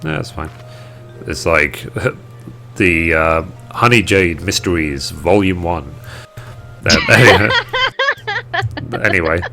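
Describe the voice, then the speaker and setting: A hoarse man hosting a gaming video, chatting casually and easygoing while he plays. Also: low-pitched, unhurried, long pauses, over music. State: hoarse, losing his voice. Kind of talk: casual gameplay commentary.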